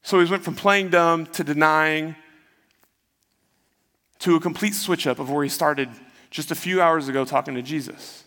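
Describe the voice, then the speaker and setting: A man's voice: fairly high pitch, steady tone, moderate pace, pauses often, a bit bright. Preacher man in a reverberant hall. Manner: storytelling, conversational, with acted quotes. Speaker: pastor. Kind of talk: sermon.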